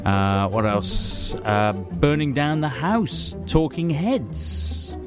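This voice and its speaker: A man's voice: on the high side, big pitch swings, extremely slow. A man presenting a casual radio show, reading out listener suggestions in an offhand, chuckling way with plenty of fillers. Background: music.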